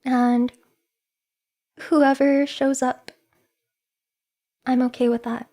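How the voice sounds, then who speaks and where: A woman's voice: high-pitched, level tone, very slow, mellow. A woman VTuber chatting casually on a livestream, giggly, emotional and self-deprecating, nervous with shaking hands. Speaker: VTuber streamer.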